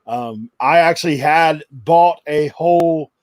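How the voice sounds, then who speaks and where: A man's voice: a little high, takes it slowly, dry recording. A middle-aged man, a guest, telling a story in a chatty way and laughing through it. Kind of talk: casual storytelling.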